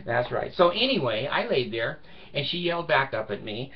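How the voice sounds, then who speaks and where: A man's voice: mid-range voice, sing-song, moderate pace, highs cut off. An older man telling a personal story in a casual vlog monologue, blunt and emphatic, with frequent swearing. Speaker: vlogger.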